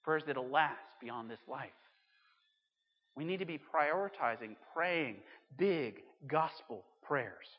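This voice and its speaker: A pastor preaching a sermon in a conversational way, with emphatic swings between loud and quiet. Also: male voice, a little high, expressive, unhurried, long pauses. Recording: dull sound with long hall reverb.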